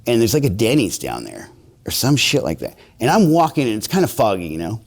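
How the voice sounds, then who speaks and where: A man's voice: fairly low pitch, wildly swooping pitch, a little fast, vocal fry, a little hiss or hum. A man in his forties, interviewed on the street, telling a rambling, profane story and acting out the other people's voices. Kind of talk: casual storytelling.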